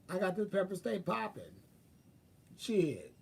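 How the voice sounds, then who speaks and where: A man in a casual rambling monologue, thinking aloud in a chatty, profane, animated way. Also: sits high, normal speed, gravelly, recorded from a distance. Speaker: vlogger.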